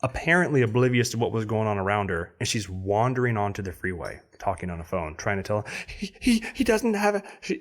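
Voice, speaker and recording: A man on a podcast telling a story in casual chat, acting out other people with sudden high voices. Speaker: podcast co-host.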